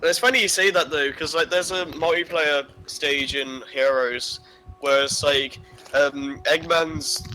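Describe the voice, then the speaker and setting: A man hosting a podcast, talking casually and haltingly, with many restarts. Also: fairly high pitch, steady tone, bright, forceful tone, faint music behind, rough recording. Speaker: podcast host. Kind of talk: casual chat.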